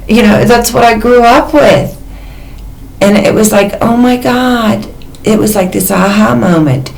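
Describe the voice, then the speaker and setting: A woman's voice: slow, vocal fry, low-quality recording. Candid woman opening up on a vlog. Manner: candid and emotional, with sudden jumps in pitch. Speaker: vlogger. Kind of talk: personal confessional monologue.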